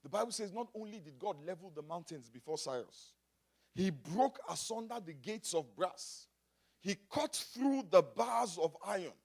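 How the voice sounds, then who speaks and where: Lively high-pitched African preacher. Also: male voice, normal speed, creaky, breathy edge. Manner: builds from quiet to shouting, call and response. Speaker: pastor. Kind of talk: sermon.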